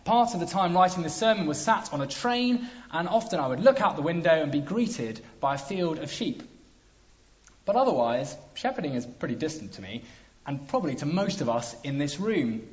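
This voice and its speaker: A man preaching a sermon, emphatic, with dramatic pauses. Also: a little high, sing-song. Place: church hall. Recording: dull lo-fi sound.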